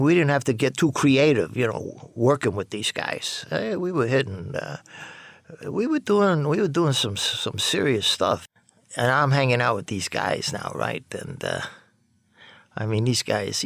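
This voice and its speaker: An older man telling rambling, profane stories with lots of halting restarts. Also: medium pitch, gravelly, a bit bright, no echo. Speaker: interviewee. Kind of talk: personal storytelling.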